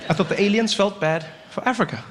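A young man performing a stand-up comedy routine, telling a story with lively acted-out voices. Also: sits high, fast, in a large hall, slight background noise.

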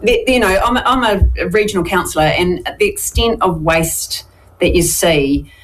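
A woman's voice: fairly low pitch, animated, normal speed, rough recording. Earnest New Zealand woman guest. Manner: earnest, emphatic. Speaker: regional councillor and advocate. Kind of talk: radio phone-in interview.

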